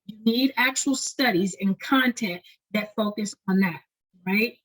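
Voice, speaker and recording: A woman leading an online lecture on doctoral writing, talking fast and often checking in with "right?". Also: mid-range voice, fairly bright tone, slightly rough, rough recording. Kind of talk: webinar lecture.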